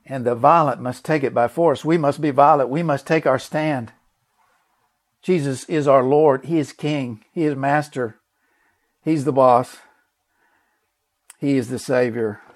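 A male preacher delivers a sermon at an ordinary pitch. He talks in an earnest, emphatic way and often repeats his words. He puts direct questions to his listeners as he tells a story from his own life. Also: fairly even intonation, a little slow, long pauses.

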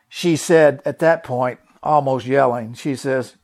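In a slightly high voice, a man delivers a sermon at normal speed with hardly any pauses, weaving in a personal story. He sounds earnest and emphatic, often repeating himself and asking his listeners questions directly.

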